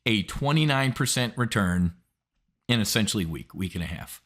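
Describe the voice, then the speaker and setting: A man's voice: on the low side, animated, moderate pace, a bit bright. A middle-aged American man hosting market commentary, blunt and emphatic, swearing freely and dropping sarcastic asides.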